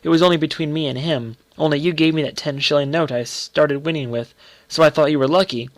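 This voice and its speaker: A man voicing an earnest, secretive young boy who speaks gravely and pleads with his uncle. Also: on the high side, fairly even intonation, fairly quick, no room sound, voice pushed up, close to an everyday voice.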